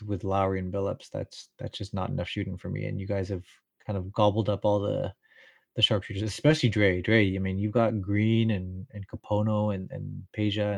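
A man's voice: low-pitched, gravelly, no echo. A man co-hosting a casual sports podcast, easygoing and thinking aloud as he makes picks. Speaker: podcast co-host.

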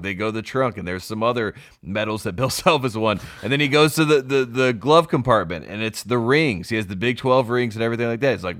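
Brief: young male podcast co-host, very low voice, dry close sound, upbeat sports banter. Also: fairly quick, few pauses, a bit bright, no room sound. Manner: enthusiastic, laughs while talking. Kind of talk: casual sports chat.

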